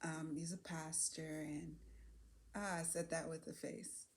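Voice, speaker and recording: A woman's voice: low voice, little pitch movement, a little slow. Woman musing candidly to camera. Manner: candid, musing, with soft laughs and trailing fillers. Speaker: vlogger. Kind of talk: reflective personal vlog.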